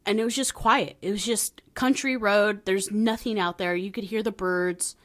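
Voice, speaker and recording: Podcast co-host, female, chatty storyteller who laughs easily and slips into a calm, reassuring tone when quoting herself. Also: medium pitch, normal speed, few pauses. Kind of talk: casual chat, storytelling.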